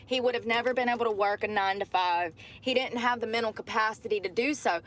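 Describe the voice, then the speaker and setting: Casting: woman, slightly high voice, chatty livestream storytelling, talks straight to viewers. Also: fast, fairly bright tone. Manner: chatty, addresses viewers as y'all.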